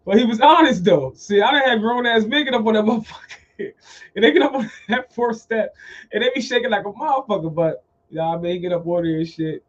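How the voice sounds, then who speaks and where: Profane, animated man with a fairly high voice. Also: quick pace. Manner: profane, animated, repeats phrases. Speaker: podcast host. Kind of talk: casual storytelling monologue. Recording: dull lo-fi sound.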